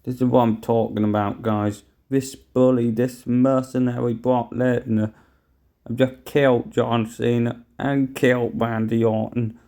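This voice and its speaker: A man's voice: medium pitch, flat delivery, measured pace, mellow. A young man giving outraged play-by-play wrestling commentary, swearing and talking to viewers as guys.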